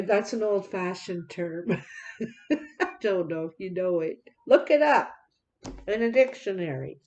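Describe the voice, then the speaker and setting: A woman's voice: lowish voice, a little mellow, dull audio. A woman giving a card reading to her viewers, talking in a folksy, direct way with many fillers. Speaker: card reader.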